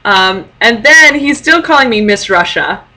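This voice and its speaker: Bright, giggly young woman vlogger. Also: on the high side, lively intonation, a little slow, poor audio. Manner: giggly, lots of fillers and laughing asides. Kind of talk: casual storytelling to camera.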